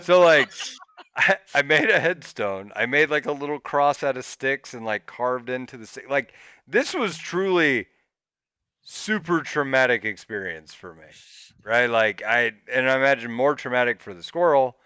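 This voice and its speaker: A man co-hosting a podcast, telling a story in a casual, animated way, swearing and jumping to a squeaky high pitch when he quotes himself. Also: moderate pace, smooth, no echo. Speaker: podcast co-host.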